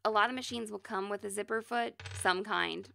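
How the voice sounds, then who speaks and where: A woman's voice: medium pitch, fairly even intonation, a little fast, gravelly, bright, forceful tone. A young woman co-hosting a sewing podcast, chatting casually, teasing and laughing often. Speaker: podcast co-host. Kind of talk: casual chat.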